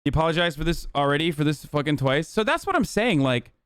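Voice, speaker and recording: A man's voice: a little high, very animated, fast talker, a bit bright, clear, resonant tone, no room sound, clean studio sound. A man hosting a live stream, giving casual, blunt, profane commentary and sarcastic reactions to chat. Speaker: livestream host.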